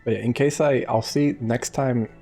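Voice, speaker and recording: A man streaming a game live, talking casually in a rambling, halting way. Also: medium pitch, steady tone, warm tone, slightly rough, faint music behind. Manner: rambling, halting, many restarts.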